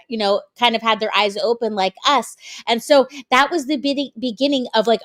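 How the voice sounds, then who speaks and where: High-voiced chatty woman guest. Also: no echo, studio quality. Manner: rambling, apologetic, playful. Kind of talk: casual chat.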